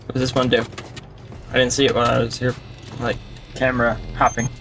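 A man's voice: mid-range voice, completely flat delivery, fairly quick, fairly bright tone, a little hiss or hum. Man casually commenting on his gameplay. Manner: chatty, talking to himself while playing. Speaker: gaming channel host. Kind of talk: casual let's-play commentary.

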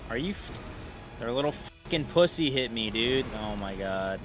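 A man's voice: lowish voice, measured pace, a bit bright, faint music behind. A young man giving profane, frustrated commentary while playing a game, trash-talking bosses. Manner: swearing, frustrated outbursts, mocking trash talk. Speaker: gaming streamer.

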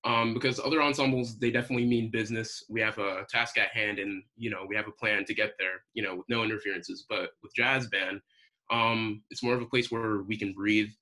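Hesitant bright-voiced student on a call. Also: male voice, on the low side, fairly even intonation, a little fast, poor audio. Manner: hesitant, many ums. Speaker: student musician. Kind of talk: interview answers. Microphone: video call.

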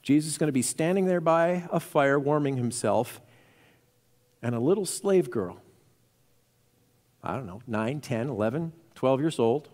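Animated preacher in an echoing sanctuary. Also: male voice, mid-range voice, a little slow, pauses often. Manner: animated storytelling, acting out quotes. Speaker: pastor. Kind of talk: sermon. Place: church sanctuary. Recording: reverberant church hall.

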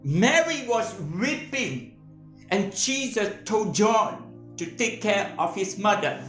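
A woman preaching a sermon in short, measured phrases, pausing for an interpreter. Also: medium pitch, animated, a bit bright, reverberant, soft background music.

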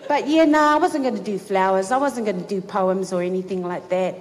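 A woman giving a eulogy at a funeral service, telling a personal story in an excited, giggly way. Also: medium pitch, fairly quick. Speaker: eulogy speaker. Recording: reverberant hall, faint background noise.

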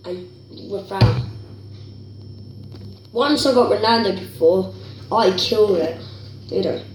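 A woman hosting a gaming video, chatting casually and rambling, and breaking into excited squeals over what she gets. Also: medium pitch, slow pace, reverberant, far from the mic, a little hiss or hum, poor audio. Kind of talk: casual pack-opening commentary.

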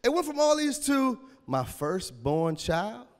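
Male pastor, high voice, AAVE, shouting sermon with a cracking voice, echoing church hall. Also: very animated, slow pace. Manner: preaching with call-and-response and sudden shouts.

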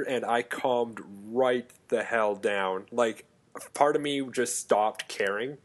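A man's voice: medium pitch, fairly even intonation, slow pace. Young man telling stories, laughing. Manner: rambling storyteller, laughs often, swears casually. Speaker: podcast co-host. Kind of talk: casual chat.

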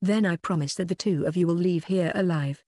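A narrator voicing a ruthless young male chef who threatens captives in a calm, cold way. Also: mid-range voice, brisk, no echo, close to an everyday voice. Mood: menacing.

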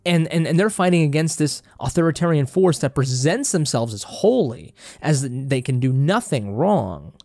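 A man's voice: on the high side, lively intonation, normal speed, creaky, hardly any pauses, a little mellow, no echo. A young man from Mexico with a Mexican Spanish accent, a native Spanish speaker, delivering a passionate, heated movie review monologue and swearing freely as he gets worked up. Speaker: film vlogger.

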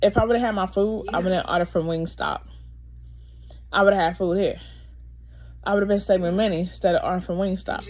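A woman's voice: medium pitch, fairly even intonation, fairly quick, long pauses, a little mellow. A woman vlogging a frustrated, rambling rant while drowsy from pain pills. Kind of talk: casual ranting to camera.

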